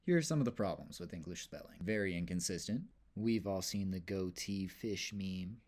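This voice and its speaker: A man's voice: low voice, lively intonation, normal speed, darkish tone. Young man giving a wry class presentation. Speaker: student presenter.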